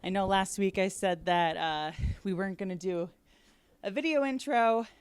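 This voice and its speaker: A woman's voice: medium pitch, moderate pace, clear, resonant tone, dry recording. A woman hosting a podcast, chatting casually with many fillers and a little out of breath. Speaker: podcast host.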